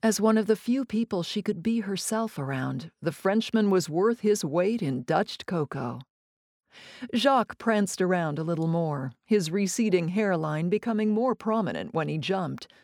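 A woman's voice: lowish voice, animated, darkish tone, dry recording. Dry, close woman narrator with playful pacing. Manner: playful, savoring, teasing pauses. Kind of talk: scripted audiobook narration.

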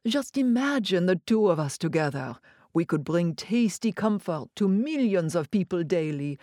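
A man's voice: sits high, lively intonation, moderate pace, mellow, no room sound. An exuberant, flirty French pastry chef in his thirties, put on by a woman reading an audiobook, with a French accent. He pleads, cheers and teases in turn. The voice is dry and close, with no room around it. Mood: flirtatious.

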